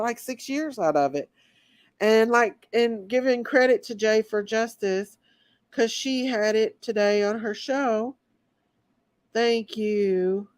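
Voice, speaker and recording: A woman's voice: fairly high pitch, a little mellow, no room sound. A woman hosting a casual livestream, sick and recovering, greeting viewers by name. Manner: greets viewers by name one after another. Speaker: livestream host.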